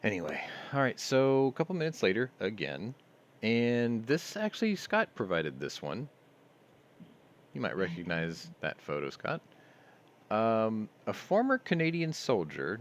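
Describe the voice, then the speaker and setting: Male stream host, deep voice, casual news commentary, dry and sardonic. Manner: sardonic, reads headlines then riffs on them.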